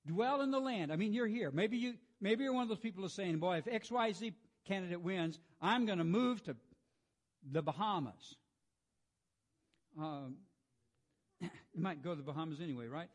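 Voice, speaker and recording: A man giving a devotional sermon. He reads scripture in a soft, hushed voice, then urges his listeners on with rising emphasis, clearing his throat often. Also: high voice, moderate pace, pauses often. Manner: frequent throat clearing and restarts. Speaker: preacher.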